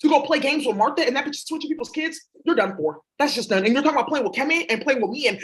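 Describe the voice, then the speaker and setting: A woman's voice: sits high, expressive, rapid-fire, few pauses. A woman vlogger talking in a rambling, blunt, profane monologue. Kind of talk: casual monologue.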